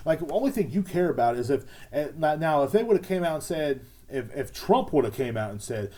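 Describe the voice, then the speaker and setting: A man's voice: fairly high pitch, very animated, brisk, warm tone. A young man hosting a solo podcast from home, ranting in a sarcastic, profane, mocking way. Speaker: podcast host. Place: at home, sitting indoors.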